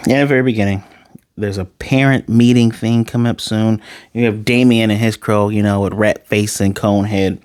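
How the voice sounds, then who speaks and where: A man casually reviewing an anime episode, joking asides and quickly paraphrasing the characters' lines. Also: fairly low pitch, steady tone, darkish tone, clean tone, no room sound, studio quality. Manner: chatty, joking asides, paraphrases scenes in quick quoted voices. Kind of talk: casual spoken episode recap.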